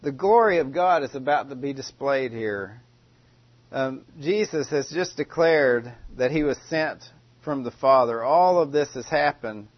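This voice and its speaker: Man preaching with dramatic hush. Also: mid-range voice, dry recording, lo-fi sound. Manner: dramatic, with loud cries and hushed pauses. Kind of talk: sermon.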